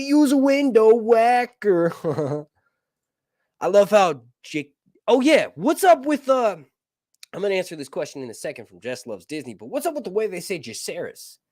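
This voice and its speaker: Male live-stream reviewer with a bouncy, animated delivery, loose and jokey, recorded dry and close. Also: on the high side, no room sound. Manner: rambling, crude jokes, frequent laughter. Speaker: livestream show reviewer. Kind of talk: casual live-stream chat.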